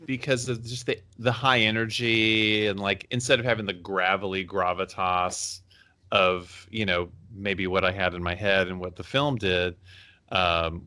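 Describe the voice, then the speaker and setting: Man from Texas, low voice, rambling joking podcast co-host. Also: bright, forceful tone. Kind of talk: casual podcast chat.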